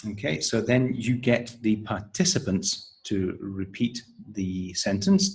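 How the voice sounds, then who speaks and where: A man giving a pronunciation lesson for teachers, modelling intonation patterns and counting syllables out slowly and deliberately. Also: lowish voice, darkish tone, husky, rough recording. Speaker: teacher trainer.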